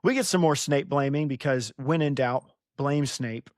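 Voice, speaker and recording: A young American man with a dry, close sound hosts a casual book podcast. He rambles and pokes fun at himself, laughing often as he recaps chapters. His voice sits at an ordinary middle pitch. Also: no echo. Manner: rambling, self-deprecating, quick to laugh. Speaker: podcast host.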